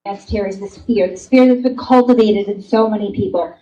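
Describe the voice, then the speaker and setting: A woman's voice: medium pitch, steady tone, fairly quick, mellow. A woman giving an earnest, emphatic speech at a fundraiser event. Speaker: speaker at a fundraiser. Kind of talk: public speech. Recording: muffled, distant event clip.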